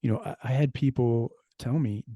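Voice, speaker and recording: A man's voice: medium pitch, moderate pace, mellow, no echo. A man, a former US Marine and security expert, speaking as an interview guest in an earnest, reflective way with frequent restarts. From United States. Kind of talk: casual interview talk.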